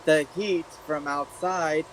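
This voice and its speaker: A man's voice: on the high side, steady tone, takes it slowly, crowd noise, rough recording. A man in casual group chat, explaining things patiently with frequent fillers.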